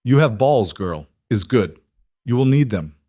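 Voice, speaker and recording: A man's voice: mid-range voice, expressive, unhurried, warm tone, dry recording, studio quality. A man voicing a blunt male henchman with a heavy foreign accent and broken grammar.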